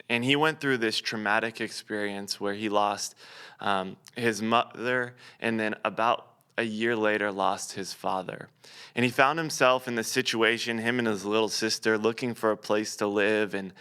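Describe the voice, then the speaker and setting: Young guy pastor doing a devotional, bright clear voice, earnest, goes soft and quiet on the big points. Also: on the low side. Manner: earnest storytelling, slowing and softening toward quiet emphasis. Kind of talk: devotional sermon.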